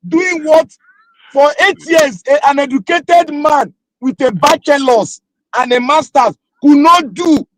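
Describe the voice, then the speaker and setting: A man with a Nigerian accent, debating politics in an animated way and often talking over the other speaker. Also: extremely high pitch, measured pace, slight background noise, rough recording. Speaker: political commentator. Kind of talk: casual political debate in Nigerian Pidgin and English.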